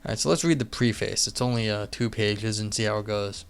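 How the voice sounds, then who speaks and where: Male streamer, casual and rambling, with a smooth tone. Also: fairly low pitch, steady tone, a little fast. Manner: rambling, many fillers and restarts. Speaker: live streamer. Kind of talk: casual live-stream chat and reading aloud. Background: faint music.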